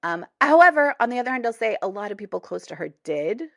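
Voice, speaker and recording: A podcast co-host, a woman with a fairly high, creaky voice, talks fast in a casual chat full of stories and frequent laughter. She's an animated storyteller, and the clean studio recording has no echo.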